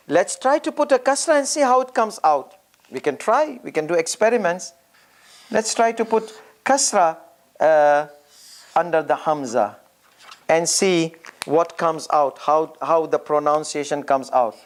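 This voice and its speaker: Slow, sing-song reading teacher. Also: mid-range voice, sing-song. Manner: drills syllables aloud, repeating each sound slowly; thinks aloud with frequent "uh" and restarts. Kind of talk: step-by-step reading lesson.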